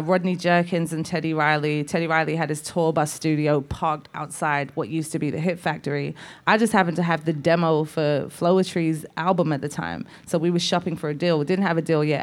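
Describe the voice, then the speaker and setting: Female guest, Liverpool accent, lower voice, animated storyteller. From England. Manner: animated, lively storyteller with laughs. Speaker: songwriter guest. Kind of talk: casual interview storytelling.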